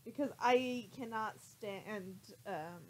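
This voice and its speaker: A woman's voice: mid-range voice, slow, a little hiss or hum, rough recording. A woman co-hosting a casual livestream, reading out chat questions and laughing often.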